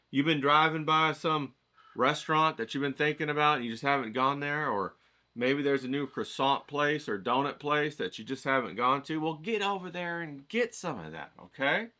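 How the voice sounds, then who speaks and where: Upbeat, folksy male art instructor with a bright, forward voice; encouraging, conversational delivery. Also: mid-range voice. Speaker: art teacher. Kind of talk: casual painting lesson.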